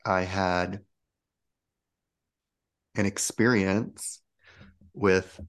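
A man being interviewed as a spiritual coach, telling a personal story in a casual, animated way and acting out the voices he quotes. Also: low-pitched, extremely slow. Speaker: guest, spiritual coach and channel.

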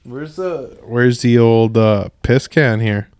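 A man's voice: mid-range voice, slow, a little mellow, no echo. Laid-back swearing man, dry mic. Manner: laid-back, profane, laughs often. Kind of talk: casual chat about fishing.

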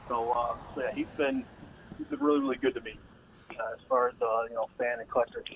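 A man telling an excited story as a podcast guest over a muffled remote call. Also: fast talker, slight background noise. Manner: excited storytelling, swooping pitch. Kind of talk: casual interview chat.

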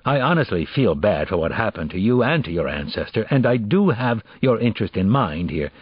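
A man voicing a smooth, conciliatory male bank attorney in an audiobook. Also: mid-range voice, no echo. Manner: smooth and placating. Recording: dull, dry audiobook recording.

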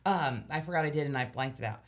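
A woman's voice: extremely low pitch, animated, quick pace. A woman telling a long story in casual chat, rambling and self-deprecating, laughing now and then as she talks. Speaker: podcast guest storyteller.

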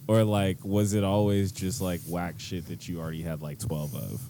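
A man with a very low voice chats casually on a podcast, wandering through his thoughts with plenty of fillers. Steady noise sits clearly behind his voice on the recording. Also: moderate pace. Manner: laid-back, rambling with many fillers. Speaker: podcast host.

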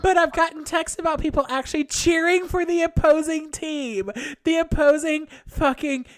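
High-voiced woman reading with dramatic flair. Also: normal speed. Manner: dramatic, profane, laughing readings. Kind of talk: reading an email aloud with commentary.

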